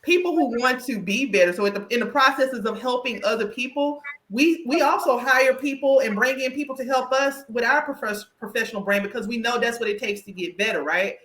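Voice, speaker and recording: A woman with a Southern US country twang, hosting a podcast conversation in an animated, emphatic way that often checks in with "right?". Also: on the high side, a little fast, hardly any pauses, reverberant. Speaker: podcast host and career coach.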